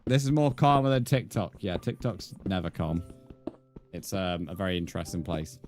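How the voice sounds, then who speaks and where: Low-voiced man streaming casually. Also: moderate pace, a little mellow, soft background music. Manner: banters and swears at chat, mock-threatening. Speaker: livestreamer. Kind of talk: casual live-stream chat with viewers.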